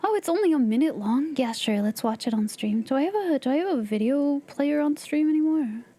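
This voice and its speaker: A woman streamer chatting casually to her live audience, excitable and laughing often. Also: high-pitched, fairly quick.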